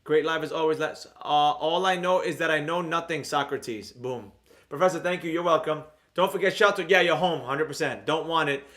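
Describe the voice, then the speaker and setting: A man hosting his own live stream on trading, chatting loosely and answering viewer comments in a rambling, energetic way. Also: a little high, moderate pace. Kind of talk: casual live-stream chat reading comments.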